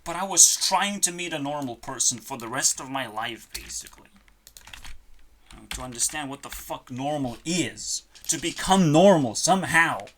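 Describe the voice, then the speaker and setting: A channel host at a home computer desk, delivering a frustrated rant full of swearing that swings between loud outbursts and quiet muttering. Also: medium pitch, animated, moderate pace, slight background noise. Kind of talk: ranting vlog.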